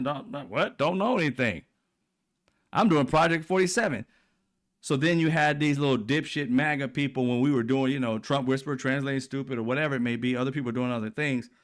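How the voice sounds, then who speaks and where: A man's voice: fairly quick, a bit bright. Profane, mocking male political ranter. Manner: profane, mocking, laughs often, mimics people in high voices. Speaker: political commentary host. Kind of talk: animated political rant.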